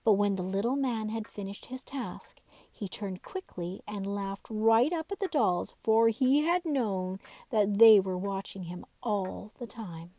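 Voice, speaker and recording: A woman reading a classic children's bedtime story aloud in a gentle, unhurried way, sometimes dropping to a soft whisper. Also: medium pitch, no echo.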